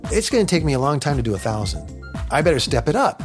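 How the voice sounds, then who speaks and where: A man's voice: fairly high pitch, very animated, fast talker. A man giving a candid interview, frankly telling anecdotes and acting out quotes. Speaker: interview guest. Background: music.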